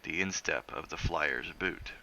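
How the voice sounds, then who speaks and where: A man reading a novel aloud in steady, measured narration. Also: rumbling low, a little hiss or hum. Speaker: reader of a novel on a stream.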